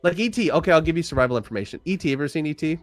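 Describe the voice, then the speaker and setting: A man talking as a podcast guest in a casual conversation, an animated storyteller who swears freely and acts out quotes. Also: on the high side, very fast, no echo, soft background music.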